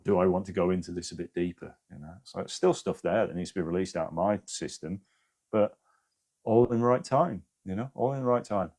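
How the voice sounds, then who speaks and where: Man, fairly low voice, casual live stream host, swears freely, keeps asking "yeah?". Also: brisk, darkish tone. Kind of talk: casual spiritual advice chat.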